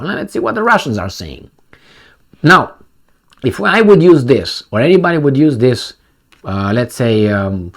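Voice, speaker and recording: A man reading a news article aloud and commenting on it, sarcastic and full of rhetorical questions. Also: fairly low pitch. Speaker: political commentator.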